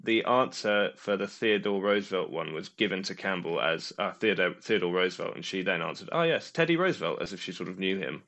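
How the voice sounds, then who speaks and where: A man chatting casually as a podcast co-host, voice sitting a little low. He rambles, halts and restarts his sentences as he thinks aloud. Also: fairly even intonation, fairly bright tone. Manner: rambling, halting, many restarts. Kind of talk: casual chat reviewing a quiz show.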